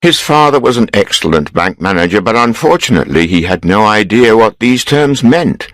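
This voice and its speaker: Low male narrator, steady measured storybook reading, close and dry. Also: dry recording, low-quality recording.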